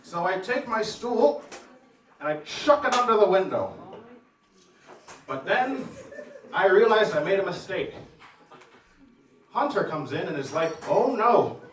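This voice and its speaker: A man doing a stand-up set, loud, swearing and laughing through his jokes. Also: high-pitched, expressive, measured pace, pauses often. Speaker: stand-up comedian. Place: small comedy venue. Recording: echoey room from far off, crowd and noise. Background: audience laughter.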